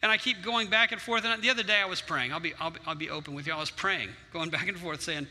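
A man's voice: sits high, fast, sharp tone. A man preaching a sermon as pastor, earnest and conversational, acting out his own prayers. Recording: long hall reverb.

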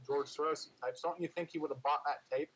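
A man's voice: fairly high pitch, fairly even intonation, fast, fairly bright tone, breathy edge, low-quality recording. A man co-hosting a podcast in casual political chat, rambling and full of filler words.

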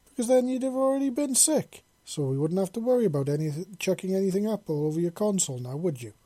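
A man's voice: sits high, lively intonation, fast, warm tone, no echo, pitched above the performer's own voice. A man reading a story, voicing a mocking, teasing male soldier.

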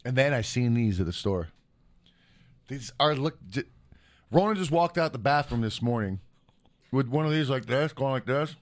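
A man's voice: mid-range voice, animated, normal speed, pauses often. A man co-hosting a podcast, chatting casually, rambling, laughing often and swearing a lot. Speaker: podcast co-host. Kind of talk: casual profane chat.

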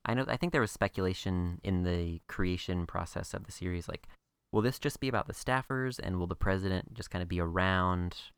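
A podcast co-host casually and wryly recaps a TV episode in chat. His low-pitched voice is smooth and fairly quick, recorded with clean studio sound and no room echo.

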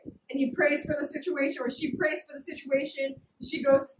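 High-voiced animated woman preaching. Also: fairly quick, few pauses, background noise. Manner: animated, slangy, acts out little scenes. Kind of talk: casual, humorous sermon. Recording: echoey room, mic at a distance.

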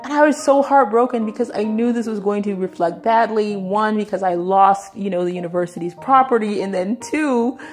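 A woman's voice: mid-range voice, darkish tone. A woman giving a conversational Bible teaching, often checking in with "right?" and "you know".

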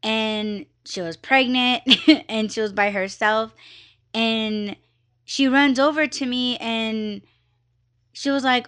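A young woman hosting her own podcast from her office, telling a story in a chatty, animated way and slipping into quoted voices. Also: fairly high pitch, slow, clear, resonant tone. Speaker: podcast host. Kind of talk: casual storytelling monologue.

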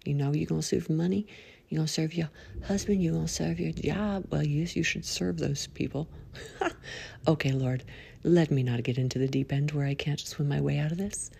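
A woman's voice: low voice, normal speed, creaky, warm tone, slightly rough. A woman hosting her own podcast, chatting playfully and giggling, and breaking into spoken prayer along the way. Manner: bubbly, playful, giggly, prays aloud mid-talk. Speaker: podcast host. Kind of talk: casual faith chat podcast.

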